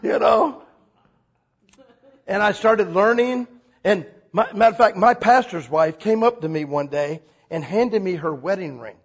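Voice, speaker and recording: A man preaching a sermon as a pastor, telling stories with lively acted-out quotes. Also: measured pace, husky, muffled recording. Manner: animated storytelling, acts out quotes with big pitch jumps.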